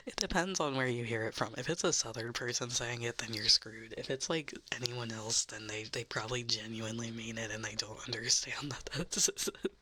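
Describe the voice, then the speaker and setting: Giggly woman rambling in soft ASMR chat. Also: very deep voice, normal speed, breathy edge, no room sound. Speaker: streamer. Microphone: close sensitive microphone.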